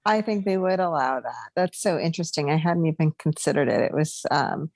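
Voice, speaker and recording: A woman's voice: low voice, animated, brisk, darkish tone, dry recording. A woman co-hosting a podcast in casual chat, laughing often and chatty with many fillers. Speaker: podcast co-host.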